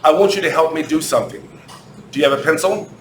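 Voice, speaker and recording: An American man teaching an English grammar lesson to children, repeating questions slowly and spelling words out letter by letter. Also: a little high. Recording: echoey room, faint background hum.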